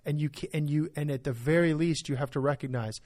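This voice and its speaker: On a church podcast, a male pastor talks through a topic with a fairly high, darkish voice at a quick pace. He speaks earnestly and emphatically, constantly checking in with "right?"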